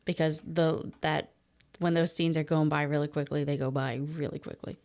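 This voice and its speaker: A woman co-hosting a podcast in an easygoing, chatty way. She is opinionated and explains things at length. Her voice sits a little low. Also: fairly even intonation, moderate pace, a little mellow. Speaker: podcast co-host. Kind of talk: casual podcast chat.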